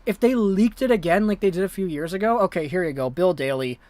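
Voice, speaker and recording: A woman hosting a livestream, giving excitable live reaction commentary and talking to viewers in the chat, swinging from low muttering to shouted disbelief. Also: fast talker, dry recording. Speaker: livestream host.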